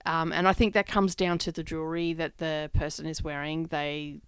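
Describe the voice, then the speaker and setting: Chatty woman, smooth voice. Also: low voice, flat delivery, normal speed, dry recording. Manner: chatty, rambling, laughs often. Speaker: craft vlog host. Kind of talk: casual storytelling while stitching. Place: home craft studio.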